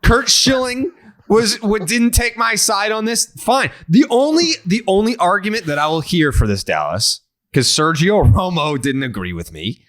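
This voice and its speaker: Fired up guy ranting on a podcast, high voice jumping all over, swears a lot. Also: normal speed. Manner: profane, ranting, animated. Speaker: podcast host. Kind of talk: heated casual chat.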